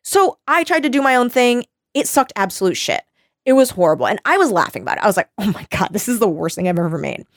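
A woman's voice: medium pitch, quick pace, no room sound, studio quality. A woman, chatting as a podcast host and telling stories with lots of laughter and acted-out voices. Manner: animated storytelling, acts out quoted voices; laughs often. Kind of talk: casual chat.

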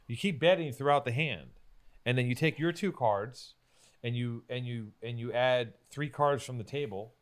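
A man's voice: mid-range voice, normal speed. A man with a mid-range, ordinary voice, hosting a loose conversation. He explains things at length and breaks into laughter often. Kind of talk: casual banter.

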